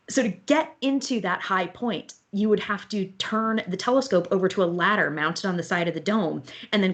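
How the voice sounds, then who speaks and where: A woman astronomer and author, a guest in an online interview, telling lively stories from observing. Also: mid-range voice. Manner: lively anecdotal storytelling.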